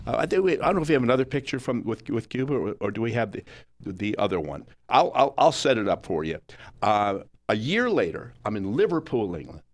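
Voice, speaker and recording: A man from Miami hosting a radio sports talk show, telling lively anecdotes and acting out voices. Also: fairly low pitch, a little fast. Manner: animated, acts out quoted voices. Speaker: radio host and actor.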